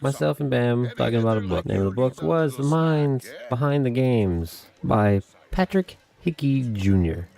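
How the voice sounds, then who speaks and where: Gravelly American man hosting a podcast. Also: fairly high pitch, a little mellow. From United States. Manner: jokey, rambling, laughs often. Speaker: podcast host. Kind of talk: casual podcast chat.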